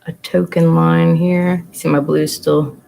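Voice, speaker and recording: A woman's voice: deep voice, level tone, takes it slowly, creaky, dark tone. A young adult woman hosting a casual live-streamed painting lesson into her laptop mic, chatty and rambling as she paints. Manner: chatty, rambling, self-talking while painting. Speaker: painting class host.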